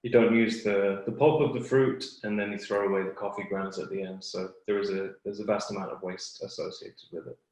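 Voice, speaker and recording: A man explaining clearly and patiently as a guest expert on a webinar. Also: lowish voice, flat delivery, a little fast, hardly any pauses, a little mellow, very echoey, poor audio.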